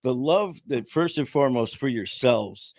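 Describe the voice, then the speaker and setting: A man hosts a casual streamed interview at a middle pitch. He rambles through long sentences with fillers and restarts. His voice sounds dry and close. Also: animated, a little slow, a little mellow, no echo. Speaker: host. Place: home studio on a live stream call.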